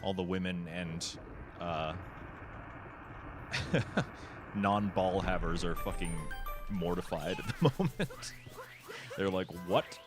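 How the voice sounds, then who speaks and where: A man live-streams a game run and chats loosely with his viewers, laughing a lot and cursing freely. His voice sits a bit low. Faint game music plays softly behind him. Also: takes it slowly, long pauses. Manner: laughs often, swears, answers chat. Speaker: speedrunning streamer. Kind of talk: casual live-stream chat while gaming.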